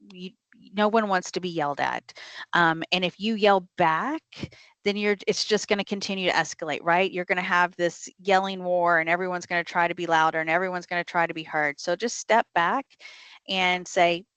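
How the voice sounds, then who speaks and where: A middle-aged woman runs a teacher training session conversationally, reading audience questions aloud, answering them, and frequently checking in with "right?". Her lowish voice is clear and resonant with a fairly bright tone, and there's no room sound.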